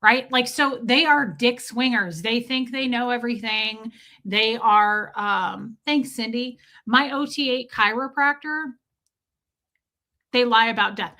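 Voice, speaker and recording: Unhurried but forceful, this slightly high, bright female voice belongs to a livestream host who reads out viewer comments and answers them with crude, chatty, over-the-top teasing.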